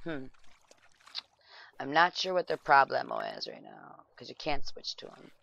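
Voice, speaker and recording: A woman casually commenting on a life-sim game, excitable, laughing and shouting at the screen. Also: extremely low pitch, a little slow, vocal fry, dull audio, a little hiss or hum. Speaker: gameplay video host.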